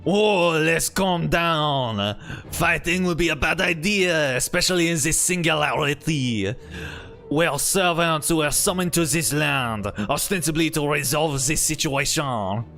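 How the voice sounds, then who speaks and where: A man playing a calm game character with an exaggerated French accent. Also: a little high, a little slow, vocal fry, soft background music, full character voice. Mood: soothing. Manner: over-the-top, theatrical.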